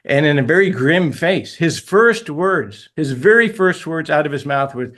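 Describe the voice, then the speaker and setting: A man's voice: a little high, moderate pace, hardly any pauses. A middle-aged man, an author guest on a radio interview, telling stories animatedly and laughing at himself. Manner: animated, tells stories with self-deprecating laughs.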